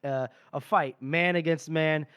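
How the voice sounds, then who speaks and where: A man's voice: fairly high pitch, steady tone, a little slow, a bit bright, clean tone, dry recording. Man casually recapping a chapter, dry sound. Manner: retells scenes, briefly quoting characters, casual swearing. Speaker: podcast co-host. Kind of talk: casual book-club recap.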